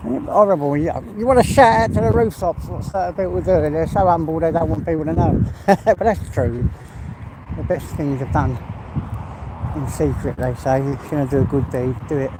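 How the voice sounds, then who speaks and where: Walking his dog by water in the countryside, an older retired man from England rambles casually to his vlog viewers. His fairly high voice moves fairly quickly against a noisy background.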